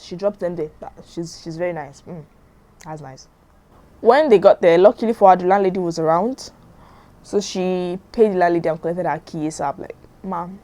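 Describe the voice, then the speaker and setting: A woman's voice: lowish voice, a little mellow. A young woman, narrating a drama story in a chatty way and commenting on it as she goes.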